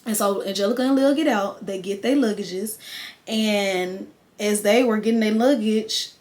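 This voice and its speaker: A woman's voice: mid-range voice, moderate pace. A young woman, casually telling a storytime tale to her viewers with quoted voices. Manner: chatty, animated retelling with quoted voices. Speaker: vlogger.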